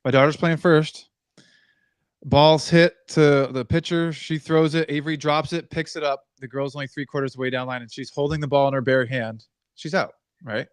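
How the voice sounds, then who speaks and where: A man's voice: a little high, fairly even intonation, normal speed, clear, resonant tone, no room sound. Rambling man on a dry mic. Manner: laughs often, rambling and venting. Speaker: podcast co-host. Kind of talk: casual chat.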